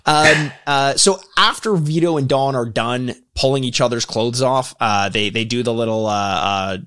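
A man's voice: mid-range voice, moderate pace, a bit bright, smooth. A man co-hosting a casual podcast, rambling through stories with bursts of laughter. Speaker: podcast co-host.

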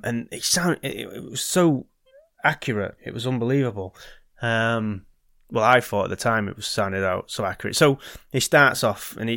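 A man's voice: mid-range voice, gravelly, a bit bright, no room sound, studio quality. A man hosting a podcast, telling a story in a rambling, hesitant way with lots of ums and restarts, now and then swearing. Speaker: podcast host. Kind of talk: casual storytelling chat.

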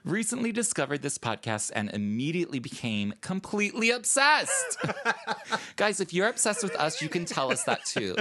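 A young man co-hosts a podcast, his pitch swinging widely as he talks and laughs. He reads listener notes and teases in a bouncy, expressive manner at a middle pitch. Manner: lively, laughs often, expressive. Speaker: podcast co-host. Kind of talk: casual chat.

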